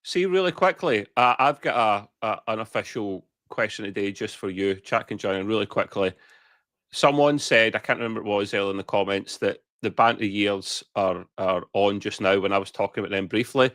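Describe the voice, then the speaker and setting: A man's voice: lowish voice, brisk, a bit bright, no room sound, studio quality. A man co-hosting a podcast, teasing his co-host and laughing a lot in casual chat.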